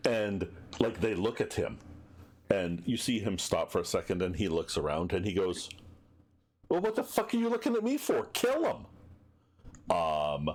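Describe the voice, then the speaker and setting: A man narrating a tabletop game as game master, loose and laughing, with many fillers. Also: low voice.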